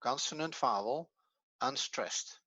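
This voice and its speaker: Slow, methodical male grammar teacher. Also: mid-range voice, pushed and bright, slightly rough, no room sound. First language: Dutch. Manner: slow, methodical explaining step by step. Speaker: Hebrew teacher. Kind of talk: recorded grammar lesson.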